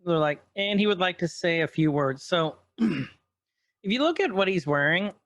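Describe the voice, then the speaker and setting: A man's voice: sits high, lively intonation, moderate pace, a bit bright, no room sound. Congested man rambling on a podcast. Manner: rambling, clears throat often. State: congested from pollen. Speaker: podcast co-host. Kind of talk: casual chat.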